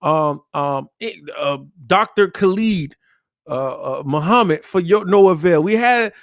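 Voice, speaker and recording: A man's voice: high voice, expressive, unhurried, no echo, clean studio sound. A man, the host of a podcast, preaching from scripture and repeating his lines for emphasis with rhetorical questions.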